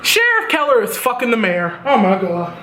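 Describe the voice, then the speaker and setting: A young woman casually reviewing a TV episode, animated and profane, laughing at her own reactions. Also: on the high side, moderate pace. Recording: echoey room with faint noise.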